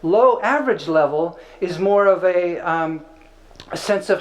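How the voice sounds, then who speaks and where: A man's voice: sits high, unhurried, poor audio. A man teaching an informal spiritual class, conversational and playful, with filler words.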